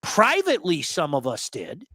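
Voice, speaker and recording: A man hosting a casual hockey talk show, telling blunt, animated stories and repeating words for emphasis. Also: a little high, normal speed, slightly rough, no room sound. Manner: blunt, swears.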